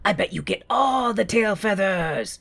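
A cocky little male penguin who leads his gang with swagger, as a woman puts him on. He teases and boasts in a lively, rising voice, an animated-film sidekick. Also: mid-range voice, measured pace, vocal fry, pitched above the performer's own voice, exaggerated voice. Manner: swaggering, teasing.

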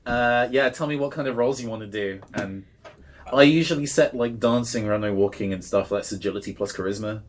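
A man's voice: medium pitch, brisk. A man narrating a tabletop game as game master, chatty, with many ums and uhs.

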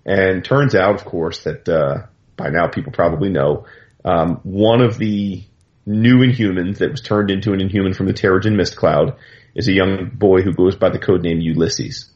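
Brief: low-voiced man, chatty and rambling recap, slightly dull lo-fi sound. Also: moderate pace. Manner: rambling, filler-heavy, animated asides. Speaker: comics commentator. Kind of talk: casual recap.

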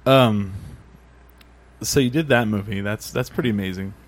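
A man's voice: lowish voice, normal speed. A man hosting a casual interview, loose and informal, swearing freely and laughing easily. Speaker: podcast host.

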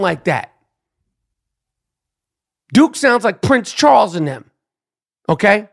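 A middle-aged man rants on his own podcast, loud, brash and profane, trash-talking and repeating "Duke." His voice is high-pitched, sing-song, slow and gravelly.

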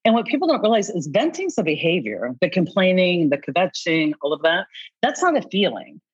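Husky low-ish lady coach chatting on a podcast, acts out convos, dry dull lo-fi sound. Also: fairly quick, no echo. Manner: animated, acts out both sides of dialogues. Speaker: coach advising company founders. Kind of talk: podcast conversation.

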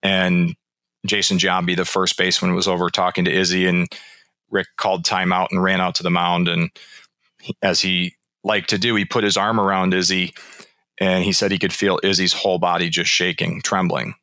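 A man's voice: deep voice, little pitch movement, normal speed, pushed and bright, no echo. A man being interviewed about his book, explaining research and telling anecdotes in a conversational way. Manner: storytelling, explanatory, frequent restarts.

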